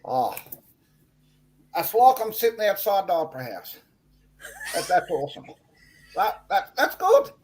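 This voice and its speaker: A man's voice: high voice, expressive, a little slow, pauses often, a little mellow, a little hiss or hum. A man with an Australian accent chatting in a laid-back, easygoing way on a live stream. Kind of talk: casual live-stream chat.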